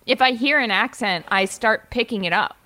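A woman's voice: a little high, moderate pace, sharp tone, low-quality recording. A young woman co-hosting a podcast, bantering casually and laughing easily. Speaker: podcast co-host. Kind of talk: casual chat.

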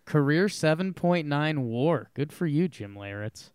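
A man co-hosting a casual sports podcast, chatty and full of quick asides. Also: fairly high pitch, expressive, a little mellow, clear, resonant tone, dry recording, clean studio sound. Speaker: podcast co-host.

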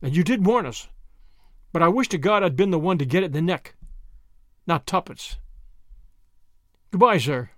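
A man's voice: sits high, lively intonation, moderate pace, long pauses, no room sound, studio quality. A man reading an audiobook, voicing a young Englishman who is earnest and shaken, in a clipped, earnest way. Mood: strained.

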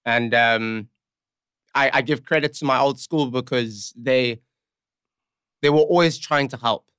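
A man's voice: mid-range voice, a little slow, a bit bright, clear, resonant tone, dry recording, studio quality. A young man hosting a candid podcast, speaking directly but a little unsure as he reflects. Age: young adult. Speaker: podcast host. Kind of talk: candid interview conversation.

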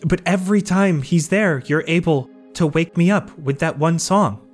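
An anxious young woman haunted by her nightmares, voiced by a man, stumbles over her words in earnest bursts. The voice sits fairly high, and soft music plays faintly underneath. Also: lightly acted. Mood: urgent. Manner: halting, stammering, earnest.

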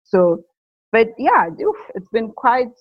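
A woman's voice: a little high, big pitch swings, takes it slowly, dry recording. A young woman, a new mother, talking casually in an interview, rambling with many fillers and frequent laughs. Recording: dull lo-fi sound.

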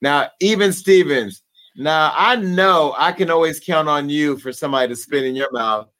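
A man hosting a chatty talk show, his voice sitting a little higher than most men's. He jokes and curses freely in quick, loose banter. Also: a bit bright. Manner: profane, joking, rapid banter. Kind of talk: casual chat.

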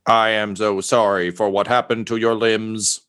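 A man voicing a cybernetically augmented male scribe with a voice box, who speaks slowly and formally. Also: fairly low pitch, level tone, a bit bright. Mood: stiffly polite.

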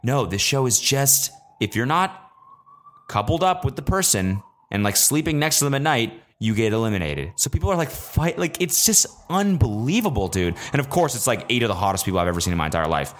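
A young man hosting a casual solo podcast, ranting with swearing and sudden high, exasperated outbursts. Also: very animated, fairly quick. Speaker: podcast host. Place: traveling abroad, recording while away.

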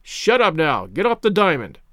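A man's voice: a little high, wildly swooping pitch, normal speed, bright, forceful tone, dry recording, clean studio sound, exaggerated voice. A man voicing a curt, stern male baseball umpire who gives short, peremptory orders in an audiobook reading.

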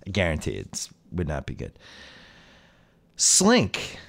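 A man's voice: medium pitch, moderate pace. Man, podcast host, casual sports chat, opinionated, wry, reads listener mail.

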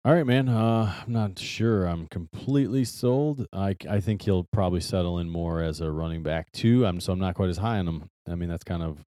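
A man's voice: sits low, moderate pace, few pauses, dark tone, dry recording, clean studio sound. A man co-hosting a sports podcast in casual chat, hesitant and full of restarts, then giving blunt opinions. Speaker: podcast co-host.

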